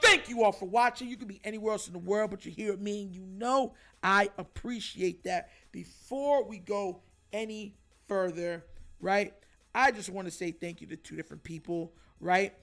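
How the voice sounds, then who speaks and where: A man hosting his own show, giving an emphatic, animated sports opinion monologue and calling his viewers y'all. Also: sits high, normal speed. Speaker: host.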